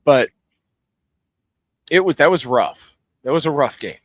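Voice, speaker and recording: A man's voice: fairly high pitch, a little slow, dry recording, poor audio. A man co-hosting a podcast, telling stories in casual chat and swearing freely. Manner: profane, animated storyteller. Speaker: podcast co-host.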